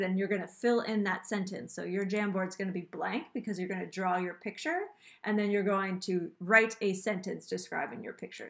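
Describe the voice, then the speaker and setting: Patient teacher reading a storybook aloud. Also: female voice, medium pitch, gravelly, a bit bright. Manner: patient, explaining, repeats instructions. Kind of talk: reading a storybook aloud and giving instructions in an online class.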